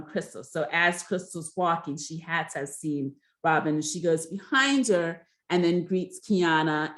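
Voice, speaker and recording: A woman with a low-sitting voice casually recaps a reality show episode, rambling with plenty of fillers and offering blunt, gossipy opinions.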